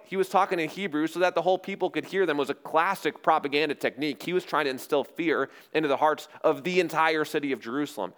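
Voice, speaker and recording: Dramatic, smooth-voiced preaching man. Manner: dramatic storytelling, swinging between loud rhetorical questions and hushed low phrases. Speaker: pastor. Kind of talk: sermon.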